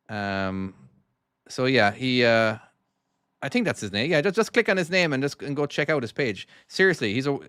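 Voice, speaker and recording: A middle-aged man with a softened Irish accent, chatting to his live-stream audience while playing his own trucking game. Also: mid-range voice, clear, resonant tone, dry recording, clean studio sound. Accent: Irish, softened by years in the US. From Ireland. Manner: rambling and chatty, talking to chat while driving.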